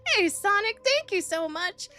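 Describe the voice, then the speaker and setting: A young woman streamer chatting casually with her viewers, bubbly and excitable, openly nervous and thrilled. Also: a little slow, a little hiss or hum. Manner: bubbly, excitable, swings high on greetings. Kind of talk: casual live-stream chat, greeting chat.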